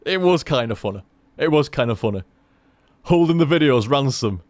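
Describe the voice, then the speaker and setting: A man's voice: medium pitch, lively intonation, moderate pace, darkish tone, no room sound. A man in casual rambling chat as a gaming commentator, chatty, laughing at himself and swearing freely.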